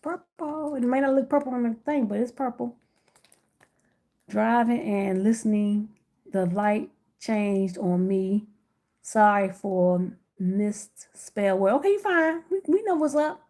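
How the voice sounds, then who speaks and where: A woman's voice: mid-range voice, a little slow, dark tone. A middle-aged woman chatting casually on a live stream, greeting viewers by name while she works on gift baskets indoors.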